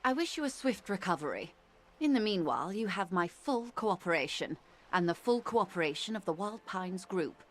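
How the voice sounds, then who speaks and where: A woman's voice: medium pitch, very animated, normal speed, slight background noise, close to an everyday voice. A woman voicing a poised, wry businesswoman. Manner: formal, polite, wry. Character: poised, composed businesswoman boat owner. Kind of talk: game voice acting.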